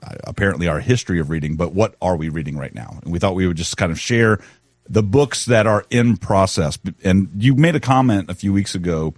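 A man co-hosting a podcast in casual chat, rambling into quick asides. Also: low voice, no room sound, clean studio sound. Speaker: podcast co-host.

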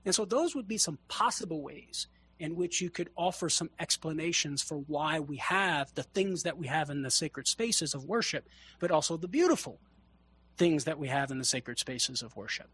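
A man with a high, husky voice talks through theology for a caller on a call-in radio show. He explains earnestly and keeps posing rhetorical questions. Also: expressive, moderate pace, fairly bright tone. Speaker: guest theologian answering callers.

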